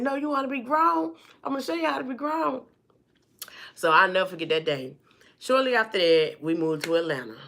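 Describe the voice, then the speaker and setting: Chatty and lively, this vlogger shares a personal story with her audience in a voice that sits low. Addressing viewers as y'all and honey, she plays out each person in the tale.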